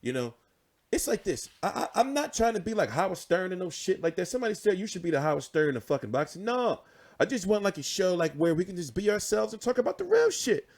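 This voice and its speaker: This boxing-show host, a man in his 20s, tells animated, profanity-laced stories in a casual livestream chat. His high voice is gravelly and quick.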